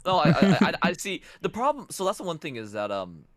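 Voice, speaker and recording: A man's voice: a little high, a little fast, over a noisy crowd. Stammering young man telling stories. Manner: stammering restarts, swearing, animated storytelling. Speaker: podcast guest. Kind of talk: casual podcast chat.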